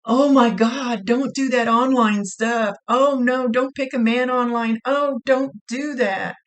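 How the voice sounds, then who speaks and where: A woman's voice: medium pitch, moderate pace, pitched above the performer's own voice, close to an everyday voice. A woman voicing the spirit of a protective older aunt who gives alarmed, emphatic warnings.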